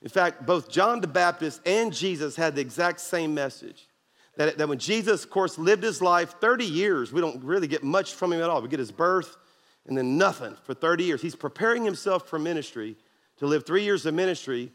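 A male pastor delivers an emphatic sermon, urging the congregation to answer him back. His voice sits high for a man. The sound rings with the long reverb of a large church hall. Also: animated, moderate pace, fairly bright tone. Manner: preachy, emphatic, call-and-response to congregation.

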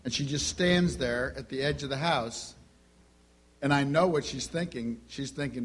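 Husky-voiced middle-aged man, storytelling parenting speaker, acts out the dialogue. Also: medium pitch, normal speed. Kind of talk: anecdotal teaching talk.

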